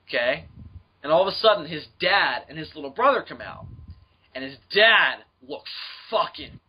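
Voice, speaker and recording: High-voiced young man telling a profane story. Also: breathy edge. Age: young adult. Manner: profane, animated, acts out voices in his stories. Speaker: podcast host. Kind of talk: casual storytelling chat. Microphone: home mic on a voice call. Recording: muffled lo-fi call audio.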